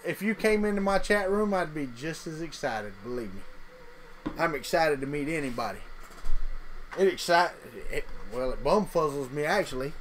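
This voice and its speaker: A man's voice: fairly high pitch, animated, normal speed, low-quality recording. Folksy Southern man chatting on a stream. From Mississippi. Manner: folksy and chatty, reads out viewer comments. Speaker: livestream host. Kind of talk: casual livestream chat.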